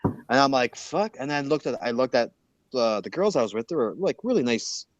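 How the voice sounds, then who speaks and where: A man telling a backstage story in casual chat, animated and swearing, acting out the people he quotes. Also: mid-range voice, brisk, no room sound, dull audio.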